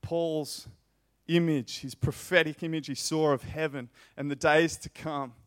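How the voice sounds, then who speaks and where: A man's voice: a little high, fairly even intonation. A man preaching a sermon, reading scripture aloud and repeating phrases with rising, emphatic force. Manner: impassioned, rising loud on repeated phrases, slow emphatic delivery.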